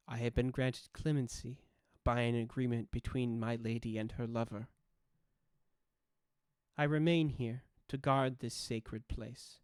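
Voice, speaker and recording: An ancient guardian spirit in the form of a bear, grave and solemn, with a low, growling, grandmotherly voice, voiced by a man. She speaks slowly and formally in a tabletop game. The sound is dry and close. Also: darkish tone, clean tone, no echo, lightly acted.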